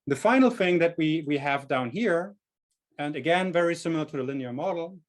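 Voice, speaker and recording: A man's voice: on the high side, animated, brisk. A man with a German accent teaching a statistics workshop over a video call, explaining step by step with frequent "right?" checks and small self-corrections. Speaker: statistics instructor. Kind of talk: online workshop lecture.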